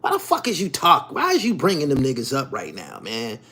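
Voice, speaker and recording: A man hosting his own channel, delivering an emphatic, profane monologue in street slang, swinging from low mutters to loud outbursts. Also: wildly swooping pitch, fairly quick, husky. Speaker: channel host. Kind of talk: animated profane monologue to viewers.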